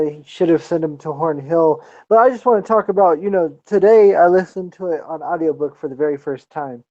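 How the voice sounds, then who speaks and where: Panelist, chatty, amused, mellow, lo-fi audio. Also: mid-range voice. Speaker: podcast panelist. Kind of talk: casual book discussion. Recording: dull lo-fi podcast audio.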